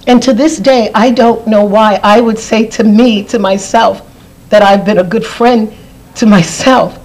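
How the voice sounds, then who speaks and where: A woman's voice: mid-range voice, steady tone, measured pace, darkish tone, low-quality recording. A woman giving a personal testimony as an interview guest, earnest, often repeating phrases for emphasis.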